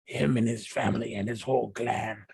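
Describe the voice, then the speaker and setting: A man's voice: medium pitch, steady tone, moderate pace, creaky, a little mellow, slightly rough, no echo, voice pushed down, heavily acted. A man doing a taunting possessive demon. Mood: menacing. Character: possessive male demon speaking through a host.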